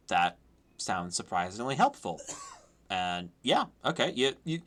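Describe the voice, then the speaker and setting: A man's voice: lowish voice, very animated, measured pace, fairly bright tone. A man streaming a cozy game, reading dialogue aloud playfully and laughing along. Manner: playful, giggly, reads game text in character.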